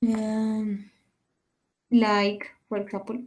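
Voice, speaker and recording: A woman's voice: mid-range voice, monotone, very slow, darkish tone. A woman, a hesitant English student searching for words.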